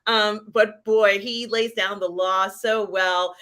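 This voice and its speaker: Bright-voiced woman hosting a chatty livestream. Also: mid-range voice, fairly even intonation, takes it slowly. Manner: rambling, many fillers, giggly. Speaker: host. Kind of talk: casual live-stream pop culture chat.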